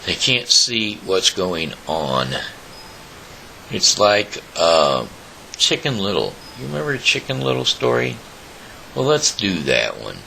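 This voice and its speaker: A man from Missouri hosting his own daily show, rambling through opinions and retelling a fable with many pauses and uhs. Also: on the low side, big pitch swings, creaky, sharp tone, slight background noise, rough recording. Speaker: host. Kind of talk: rambling monologue and storytelling.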